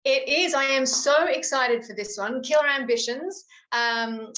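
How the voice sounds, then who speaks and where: A woman's voice: high voice, measured pace, fairly bright tone, reverberant. A woman from Australia, an actress guest chatting in an upbeat, gushing way during an interview. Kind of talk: casual interview chat.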